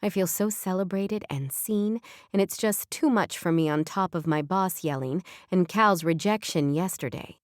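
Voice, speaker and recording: Lowish-voiced woman audiobook narrator. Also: normal speed, hardly any pauses, no room sound, clean studio sound. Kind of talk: scripted first-person narration.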